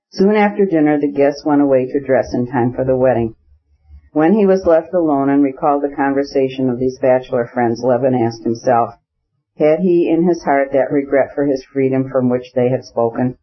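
A man reading a classic novel aloud as an audiobook narrator, measured and even. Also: medium pitch. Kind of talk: scripted narration. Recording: slightly muffled audio.

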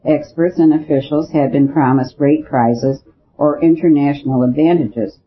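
A man reading a story aloud as an audiobook narrator, in a measured, even way. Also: on the high side. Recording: dull lo-fi recording with faint hiss.

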